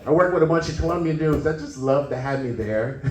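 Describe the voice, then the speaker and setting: A man's voice: fairly high pitch, animated, moderate pace, a little mellow, slight background noise. A man performing a stand-up comedy set, telling stories and acting out the people in them. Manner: storytelling, acting out characters. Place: comedy club stage with live audience. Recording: roomy, distant room recording with crowd laughter.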